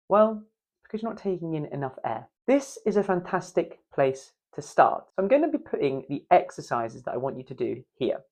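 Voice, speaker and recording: A man's voice: fairly high pitch, very animated, brisk, a little mellow. A man teaching breath work for speaking, playful and demonstrative, with self-mocking asides. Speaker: voice coach. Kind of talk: instructional video.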